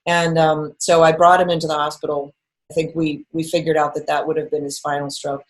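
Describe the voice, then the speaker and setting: A woman's voice: low voice, fairly quick. A middle-aged woman recounting a personal story in conversation, acting out the quoted lines as she goes. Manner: animated, acts out quoted lines. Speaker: guest telling a personal story.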